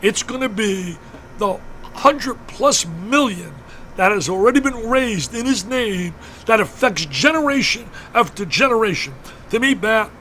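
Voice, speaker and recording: An older man speaks in a high, piercing voice and talks with fervor, hammering his points home through repetition. He is a broadcaster giving a radio interview. Faint background noise runs under the recording. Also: sharp tone. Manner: fervent, repetitive, emphatic storyteller. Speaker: interview guest, basketball broadcaster. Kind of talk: emotional storytelling in a radio interview.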